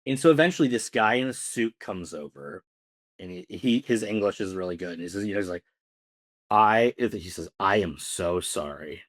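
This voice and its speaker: A man's voice: fairly low pitch, animated, a little fast. A man co-hosting a podcast, telling a long story casually with many fillers. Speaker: podcast co-host.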